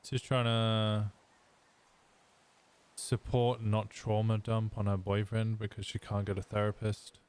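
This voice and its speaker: Man playing a low-voiced, deadpan one-armed man, easygoing and dry. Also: measured pace, clear, resonant tone, close to an everyday voice. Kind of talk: improvised role-play chat.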